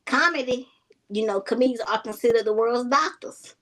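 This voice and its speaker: A woman's voice: a little high, moderate pace, fairly bright tone, slight background noise. A young woman from Alabama with a Southern accent, chatting folksily as a comedian guest on a podcast. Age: young adult. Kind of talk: podcast interview.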